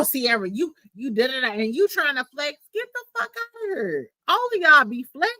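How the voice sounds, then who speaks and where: A woman's voice: on the high side, sharp tone, no room sound, low-quality recording. A woman hosting a podcast, recapping reality TV in casual, profane, gossipy chat. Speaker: podcast host.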